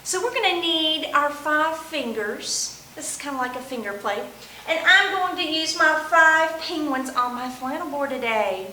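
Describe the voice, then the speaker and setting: A woman librarian leading a children's storytime, chanting action rhymes in an animated, sing-song, encouraging way. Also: high voice, moderate pace, roomy sound, slight background noise, low-quality recording.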